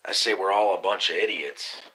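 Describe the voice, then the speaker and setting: A man's voice: sits low, brisk. Profane man ranting on a livestream. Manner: profane, excitable, conspiratorial, addresses viewers as y'all. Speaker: livestream host. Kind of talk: casual live-stream rant. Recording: noisy live-stream audio.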